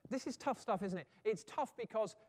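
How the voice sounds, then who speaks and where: A man preaching a sermon in a lively way, sometimes acting out quoted voices. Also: high-pitched, moderate pace, long reverb tail. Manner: animated, acts out quoted voices.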